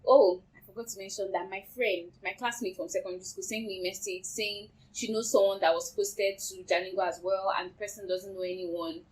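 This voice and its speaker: A young woman with a Nigerian accent, casually telling her side of a love story, lively and often laughing. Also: medium pitch, brisk, few pauses, rough recording. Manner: lively, laughing, quotes herself and others. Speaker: co-host.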